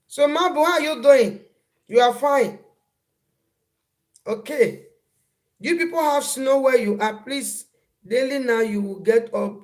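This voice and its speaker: A woman's voice: sits high, takes it slowly, pauses often, a little mellow. A woman hosting a casual live stream, repeating phrases and breaking off to greet viewers as they arrive.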